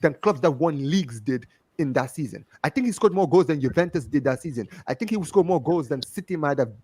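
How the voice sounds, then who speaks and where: A man with a London accent hosts a football fan chat and pushes his point with emphatic, repeated phrasing. His voice sits a little high. The sound is dry and close, with no room around it. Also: animated, a little fast, darkish tone, husky, no echo. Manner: emphatic, keeps circling back to his point. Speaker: host of a football fan show. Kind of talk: casual group chat on a livestream.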